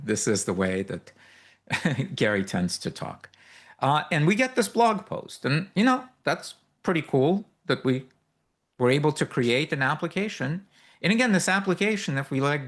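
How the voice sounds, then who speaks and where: A man runs a live software demo for a workshop audience. He explains each step loosely, with many fillers and quick asides, in a mid-pitched voice. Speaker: workshop instructor.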